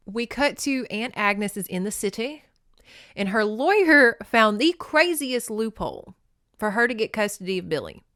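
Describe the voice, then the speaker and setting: A woman hosting a podcast, recapping a movie in an animated, emotional, casual way with some swearing. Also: on the high side, moderate pace, dry recording, studio quality. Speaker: podcast host.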